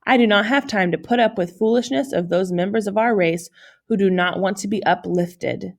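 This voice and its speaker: A woman's voice: mid-range voice, moderate pace, vocal fry. A woman reading the part of a stern, pompous middle-aged foster mother who speaks in a haughty, formal way. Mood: scolding.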